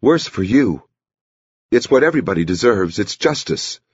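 A man's voice: on the low side, very animated, normal speed, breathy edge, no room sound, pitched above the performer's own voice. A man doing a frail, thin-voiced visionary. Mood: grim. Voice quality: weak, thin voice. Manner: plaintive, quietly pleading. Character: frail hunched man, strange, mournful visionary. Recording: dull lo-fi recording.

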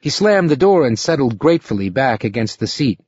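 Husky-voiced male audiobook narrator. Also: mid-range voice, a little fast. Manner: expressive, dramatic reading. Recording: slightly muffled recording.

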